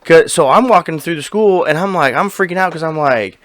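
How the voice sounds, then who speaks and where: A man co-hosting a podcast, telling a story in casual chat, animated and profane, acting out the lines of the people in it. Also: on the high side, fairly quick, no echo. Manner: animated, profane, acts out quoted dialogue. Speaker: podcast co-host.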